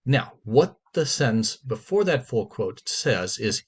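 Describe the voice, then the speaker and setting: A male teacher explains a writing rule to his class in an easy, conversational lecture. He leans hard on the points he cares about and comes back to them more than once. His voice sits at an ordinary pitch for a man. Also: very animated, a little slow, hardly any pauses, husky. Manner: emphatic, conversational, stresses key points and repeats them.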